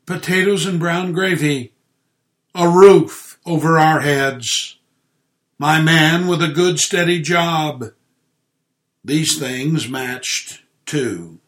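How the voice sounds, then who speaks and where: A man narrating an inspirational story in a gentle, measured reading voice. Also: on the high side.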